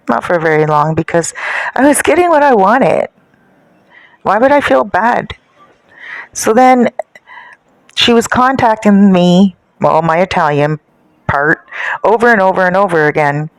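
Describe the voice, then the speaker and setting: A woman narrating a dark first-person story in a casual, gossipy, self-satisfied way. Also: fairly low pitch, expressive, a little slow, pauses often, dry recording, poor audio.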